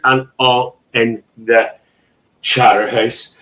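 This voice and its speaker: A man's voice: medium pitch, lively intonation, moderate pace, fairly bright tone, rough recording. A man hosting a casual livestream, reading viewers' comments aloud in an emotional, chatty way with frequent laughter. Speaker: livestream host.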